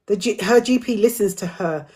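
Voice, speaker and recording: Hosting a casual community live-stream drop-in, this middle-aged woman talks earnestly, stressing her points through repetition while her throat seems slightly dry. She speaks at a normal speed in a mid-range, somewhat mellow voice.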